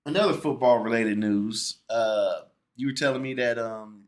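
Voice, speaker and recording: A man hosting a casual podcast chat, talking in an animated way, often restarting and repeating his words. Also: medium pitch, normal speed. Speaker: podcast host.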